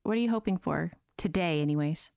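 A woman's voice: on the low side, fairly quick, gravelly, darkish tone, dry recording, clean studio sound. A woman hosting and coaching, asking direct, probing questions in conversation. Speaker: host and relationship coach.

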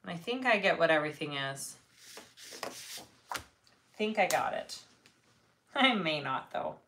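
A woman's voice: sits low, sing-song, a little slow. A woman hosting a casual livestream, muttering checklists to herself as she works, with chatty asides to viewers. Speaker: livestream host, bag maker. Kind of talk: casual livestream chat while cutting fabric. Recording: noticeable background noise.

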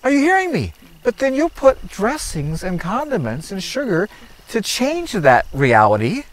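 A man's voice: high voice, wildly swooping pitch, a little slow, low-quality recording. Emphatic man leading an outdoor garden tour. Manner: emphatic and preachy, repeats phrases, asks "are you hearing me?". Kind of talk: outdoor teaching talk to a group.

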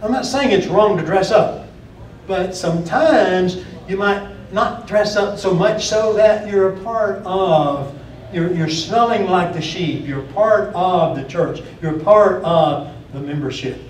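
Guy giving a sermon, kinda high voice, echoey church, mic pretty far off. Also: takes it slowly, a little hiss or hum. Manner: plainspoken, repeats and restarts phrases. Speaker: preacher. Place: church auditorium.

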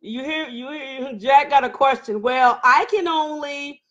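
A woman with a high, bright voice hosts a casual live-stream chat and reads out viewers' comments. She talks in a sassy, animated way and bursts out loudly at times. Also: measured pace, muffled recording. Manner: animated, sassy, loud outbursts and laughs. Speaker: host reading viewer comments.

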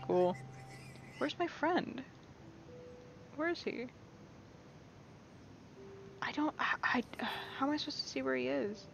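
A woman's voice: high voice, sing-song, slow, vocal fry, long pauses, soft background music. A young woman giving casual, rambling let's-play commentary, playful and often reassuring herself. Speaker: gameplay streamer. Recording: dull lo-fi mic with faint hiss.

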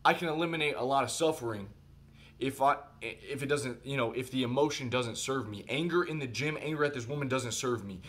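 Guy rambling thru a story to his viewers, animated, casual, normal pitch. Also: brisk. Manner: animated, conversational, addresses viewers directly. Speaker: vlogger.

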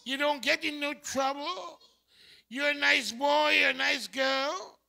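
Man preaching in church, very high and bright, slow delivery, builds to shouts. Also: gravelly. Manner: impassioned, swings from quiet talk to shouting. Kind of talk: sermon.

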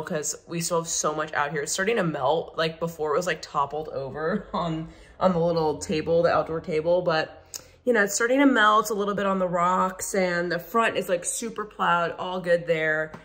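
Chatty young woman vlogging, low voice. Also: moderate pace. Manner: chatty, filler-heavy, excitable. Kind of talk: casual vlog chat to camera.

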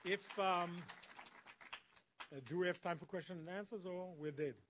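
A man's voice: high voice, steady tone, normal speed, fairly bright tone, slight background noise. A man giving a storytelling talk to an audience, dramatically acting out the dialogue. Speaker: guest speaker. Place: college lecture hall.

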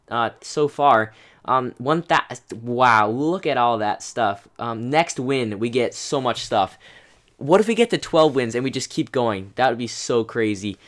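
An excitable young man talks through his gameplay as it happens. His delivery is chatty, with frequent "um"s and direct asides to his viewers. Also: medium pitch. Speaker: gaming YouTuber. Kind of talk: live gameplay commentary.

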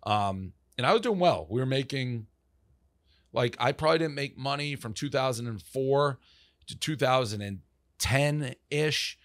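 This podcast guest has a mid-range, fairly bright voice with lively intonation, speaking a little slowly in clean studio sound with no room sound. He rambles and swears through casual interview stories about founding his company, full of "like" fillers.

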